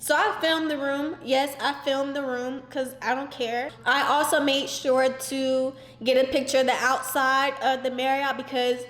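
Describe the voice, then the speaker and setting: Young woman, high voice, exasperated casual storytime, lots of "like", echoey room with long reverb. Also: a little slow, hardly any pauses. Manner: animated, exasperated, frequent "like" fillers. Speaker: vlogger. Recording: roomy echoey indoor recording.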